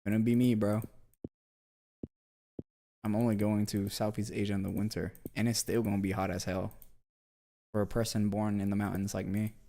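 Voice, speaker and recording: A man's voice: on the low side, little pitch movement, moderate pace, gravelly, long pauses, warm tone. A young man streaming, chatting casually in a loose, joking way full of fillers and asides. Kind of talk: casual rambling livestream chat.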